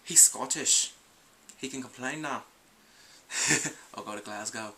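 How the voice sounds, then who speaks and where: Young man with a gravelly, bright voice. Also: medium pitch, unhurried, a little hiss or hum. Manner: rambling, goes off on tangents, often laughs; acts out scenes in quoted voices. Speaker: video reviewer. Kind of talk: casual TV episode review.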